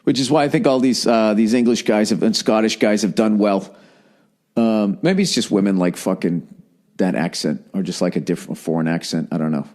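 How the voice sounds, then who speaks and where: A man's voice: on the low side, a little fast, a little mellow. A man hosting a podcast, talking on his own in a casual monologue, swearing often, rambling and exasperated, breaking off his sentences and slipping into mocking voices. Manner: profane, exasperated rambling with frequent self-interruptions; slips into mocking put-on voices. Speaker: podcast host.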